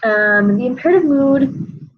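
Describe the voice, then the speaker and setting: A young adult woman, a Spanish teacher, walking students through an exam review and filling pauses with frequent "um"s. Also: high-pitched, lively intonation, husky, phone-quality sound. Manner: explanatory, many "um" fillers.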